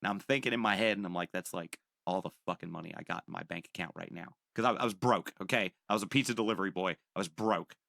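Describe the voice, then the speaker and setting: Bright-voiced man telling a wild story. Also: deep voice, fast talker, vocal fry, hardly any pauses, no echo, clean studio sound. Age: young adult. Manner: animated, profane, acts out quoted voices. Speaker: podcast co-host. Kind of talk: casual storytelling.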